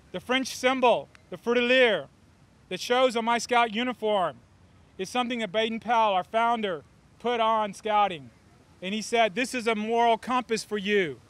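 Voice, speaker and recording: A middle-aged man with a high-pitched voice gives an earnest, emphatic prepared speech. He stresses key words as he addresses a press conference outdoors. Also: fairly bright tone. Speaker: scout volunteer.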